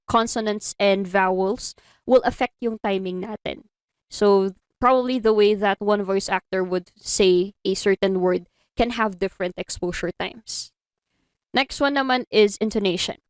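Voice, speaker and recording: A woman with a Filipino accent teaches an online animation class, explaining step by step at a medium pitch. She mixes Tagalog phrases into her English. The sound is dry, with little room around her voice. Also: clean tone, no echo. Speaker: animation instructor. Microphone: computer mic on a video call.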